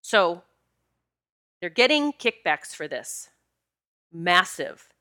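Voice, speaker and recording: A woman's voice: fairly low pitch, big pitch swings, takes it slowly, sharp tone. A woman talking casually and emphatically to her viewers, often repeating herself to stress a point. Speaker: vlogger addressing viewers. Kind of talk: casual monologue to camera.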